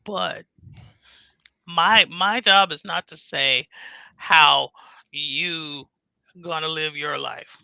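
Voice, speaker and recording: A woman in her fifties chatting frankly as a podcast co-host, telling stories with animated, acted-out dialogue. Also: low-pitched, very slow, vocal fry, pauses often, no echo. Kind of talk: casual chat.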